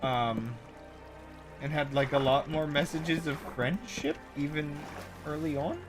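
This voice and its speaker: A man's voice: on the high side, measured pace, over music. A man streaming and chatting casually while tired, his voice crackly as he rambles with many fillers.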